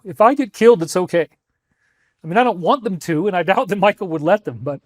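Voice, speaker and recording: A man's voice: high voice, darkish tone, dry recording, studio quality. A man hosting a livestream, crying as he speaks emphatically and repeats himself while addressing his listeners as folks. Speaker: host. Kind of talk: emotional livestream monologue.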